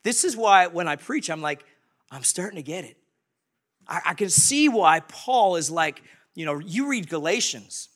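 A man preaching a sermon as pastor, animated and conversational, acting out quoted voices. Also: high-pitched, moderate pace.

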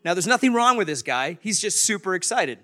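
A man's voice: high voice, big pitch swings, a little fast, fairly bright tone. A man telling a story animatedly to an audience, often chuckling.

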